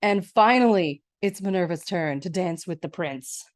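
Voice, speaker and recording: A woman hosting a podcast who recaps a movie in a gushing, chatty and animated way. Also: on the low side, moderate pace, no echo, studio quality. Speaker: podcast host.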